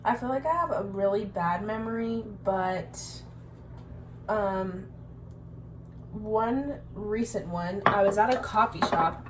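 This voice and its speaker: A woman's voice: medium pitch, slow, pauses often, a little hiss or hum, low-quality recording. Chatty young woman, casual cooking chat. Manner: chatty, animated storyteller. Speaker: youth ministry leader.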